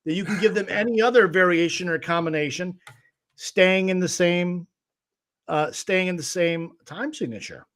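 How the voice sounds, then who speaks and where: A high-pitched, fairly bright male voice at normal speed guides a livestream guitar lesson. He explains rhythm patiently and counts the beats out loud.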